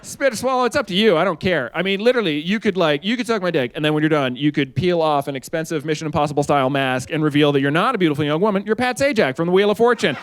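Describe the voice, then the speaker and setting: High-voiced rambling stand-up comedian man. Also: rapid-fire, hardly any pauses. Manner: loose, rambling delivery with sudden high-pitched acted quotes. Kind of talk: live stand-up set. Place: stage at a live comedy show.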